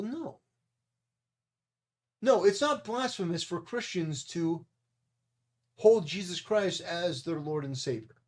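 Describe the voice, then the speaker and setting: On his own commentary channel, a man with a slightly high, slightly mellow voice talks through an online argument. His opinion monologue is blunt and combative, full of insults and dismissiveness.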